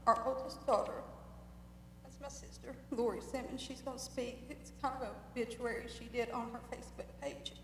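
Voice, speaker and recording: A woman's voice: on the high side, flat delivery, normal speed, background noise. A woman reading a family statement aloud at a memorial, with plain explanatory asides. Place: memorial service hall. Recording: distant voice in an echoey hall.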